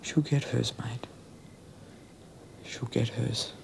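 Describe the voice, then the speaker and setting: An actor playing a leering, menacing Australian criminal who talks crudely and often drops into a rasping whisper. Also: male voice, medium pitch, fairly even intonation, slow pace, background noise. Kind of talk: TV police drama acting.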